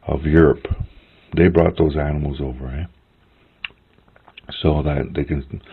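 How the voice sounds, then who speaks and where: A man leads a relaxed spoken language lesson, slowly sounding out words one syllable at a time. His voice is deep and a little husky, with casual "eh?" asides. The audio is narrow and phone-like. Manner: slow, patient, repeats words syllable by syllable; chatty asides ending in "eh?". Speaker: language teacher.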